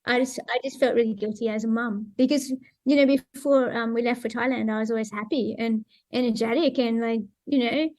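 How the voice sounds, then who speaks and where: A woman's voice: fairly high pitch, steady tone, a little fast, darkish tone. A middle-aged Australian woman talking candidly as an interview guest, laughing now and then. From Sydney, Australia. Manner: candid, laughs while recounting. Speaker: guest, para-surfer. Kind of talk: casual interview conversation.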